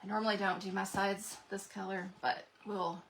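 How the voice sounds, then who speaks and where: A woman with a bright, forward voice talks through a live craft session, rambling to her viewers as she paints. Her speech is loose and conversational, thinking aloud at a middling pitch. A faint hum of noise sits behind her. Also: level tone, normal speed, vocal fry. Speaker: craft livestream host. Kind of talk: chatty live craft demo.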